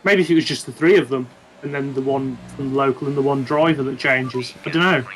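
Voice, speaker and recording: A man co-hosting a casual podcast, measured, reasoning his points through aloud. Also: medium pitch, fairly bright tone, rough recording. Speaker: podcast co-host. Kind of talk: casual chat.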